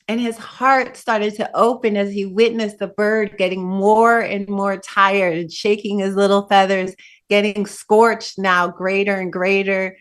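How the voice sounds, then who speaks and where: A woman meditation teacher telling a story during a dharma talk, animated and conversational with casual asides. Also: medium pitch, a little slow.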